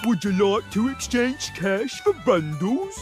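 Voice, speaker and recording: A man's voice: sits high, wildly swooping pitch, measured pace, over music, full character voice. A man voicing a chirpy male merchant with a put-on voice in a video game.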